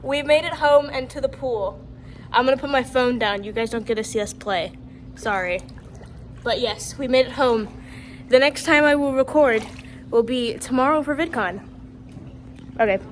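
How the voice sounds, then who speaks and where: A woman casually vlogging to camera from her phone, excitable and playful, swearing now and then. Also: high-pitched, normal speed, pauses often, slight background noise. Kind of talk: casual vlog chatter to camera. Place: stores, streets and a theme-park district.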